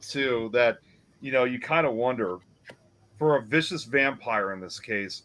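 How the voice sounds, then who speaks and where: A man hosts a casual podcast about movies, talking in a chatty way and laughing through his points. His voice sits at an ordinary pitch for a man. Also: measured pace, bright, forceful tone, no room sound, rough recording. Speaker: podcast host. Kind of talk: casual chat about a film.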